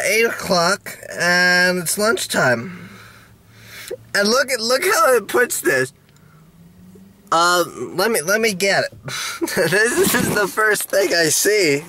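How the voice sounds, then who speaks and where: A man vlogging in a halting, rambling way, full of restarts and fillers, with a melodramatic, self-pitying tone. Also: sits high, bright, forceful tone. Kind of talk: rambling video diary.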